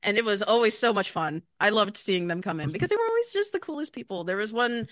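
A woman's voice: medium pitch, sing-song, fast talker, a bit bright, no echo, clean studio sound. A woman from New York, a guest on a podcast, talking chattily and gushing, with many fillers. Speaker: production company staff, guest. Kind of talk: casual interview chat.

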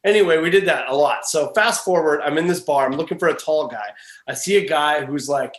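A man's voice: fairly high pitch, a little fast, echoey room. A man hosting a podcast, telling a rambling story in casual chat and swearing freely. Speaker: podcast host.

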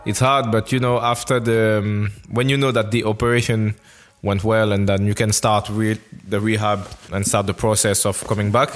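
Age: adult. Sex: man. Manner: hesitant, halting, searching for words. Pitch: fairly low. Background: faint music. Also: flat delivery. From France. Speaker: interview guest, former footballer. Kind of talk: casual conversational interview.

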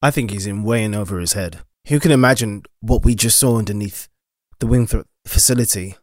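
A man's voice: fairly low pitch, brisk, no echo, clean studio sound. A man playing a tabletop game, speaking in a skeptical, questioning way. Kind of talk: casual in-character chat.

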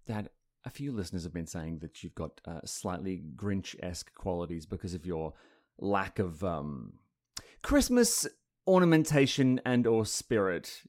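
A man's voice: fairly low pitch, a little mellow. A man co-hosting a podcast in casual chat, teasing and sardonic, who also reads news stories aloud. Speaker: podcast co-host.

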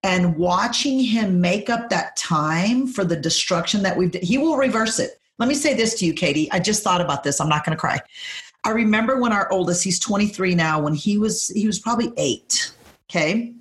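A woman's voice: mid-range voice, lively intonation, normal speed. A woman in her forties, a podcast guest, speaking in emphatic preacherly declarations and repeating phrases for emphasis. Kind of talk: faith-based podcast conversation.

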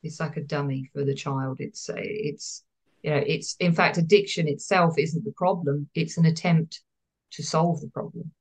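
A woman's voice: low voice, fairly even intonation, moderate pace. A woman therapist, speaking as a guest in a podcast interview, explaining earnestly and repeating words for emphasis.

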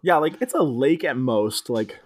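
A man casually recapping a film on a podcast, quoting characters in quick put-on voices. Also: medium pitch, lively intonation. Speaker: podcast co-host. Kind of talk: casual movie recap chat.

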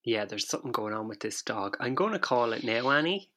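A very low-voiced podcast co-host chats playfully. She rambles and fills pauses with ums and uhs. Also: animated, a bit bright. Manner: rambling, playful, hesitant with fillers. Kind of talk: casual chat.

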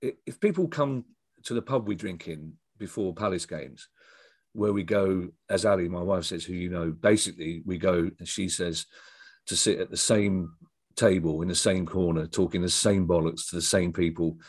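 Husky, low-voiced man. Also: normal speed, no room sound. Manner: rambling, with frequent restarts and self-deprecating asides. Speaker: comedian and writer, guest. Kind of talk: casual storytelling chat.

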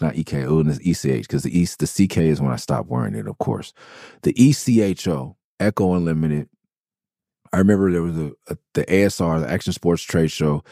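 A man's voice: low voice, warm tone, no room sound, clean studio sound. A man from Los Angeles hosting a podcast, telling rambling, profane stories about his early music days and correcting himself often. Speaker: podcast host. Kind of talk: casual storytelling about his music past.

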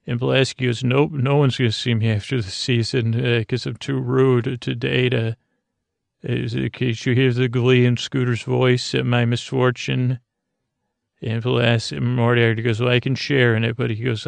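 Flat, gravelly-voiced man sleepily recapping. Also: mid-range voice, no echo. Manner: drowsy, halting retelling with many fillers and restarts. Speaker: podcast host. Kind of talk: sleepy comedic episode recap.

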